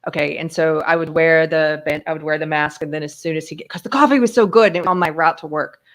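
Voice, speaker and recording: A woman hosting a casual live-stream chat, telling a story with lively acted-out dialogue and frequent laughter. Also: deep voice, fast. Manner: animated storyteller who acts out dialogue and laughs often. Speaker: podcast host.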